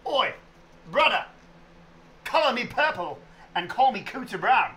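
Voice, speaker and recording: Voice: medium pitch, big pitch swings, measured pace, crowd noise, pitched above the performer's own voice. A player doing an exaggerated put-on British accent as a blustering, folksy man. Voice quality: hammy, exaggerated.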